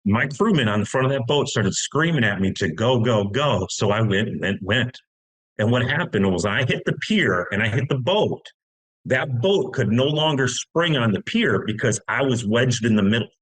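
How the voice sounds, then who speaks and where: A man's voice: medium pitch, lively intonation, moderate pace, fairly bright tone, poor audio. A middle-aged American man telling a long story in casual talk, long-winded with many restarts. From United States. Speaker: podcast guest.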